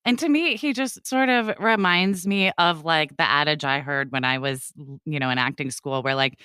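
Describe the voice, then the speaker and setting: Bright, clear, lower-voiced woman guest. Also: moderate pace, dry recording, clean studio sound. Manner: chatty, frequent "like" fillers. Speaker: podcast guest. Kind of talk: casual comedic chat.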